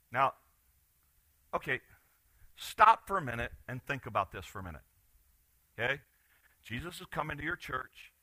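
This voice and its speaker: A man preaching a sermon as pastor, animated, swinging from loud bursts to quiet asides. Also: mid-range voice, moderate pace, long pauses, dry recording.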